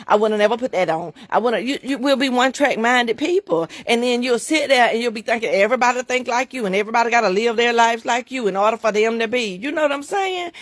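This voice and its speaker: A middle-aged woman preaches on a livestream with a fairly high voice. She talks in emphatic, repetitive bursts and laughs often. The sound is dry, with no room echo. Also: a bit bright. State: emotional, near tears. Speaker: livestream host and bookstore owner.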